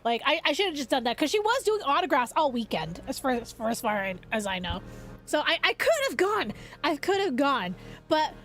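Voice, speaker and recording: A young woman streamer chatting casually with her viewers, rambling, animated and laughing often. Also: sits high, brisk, soft background music.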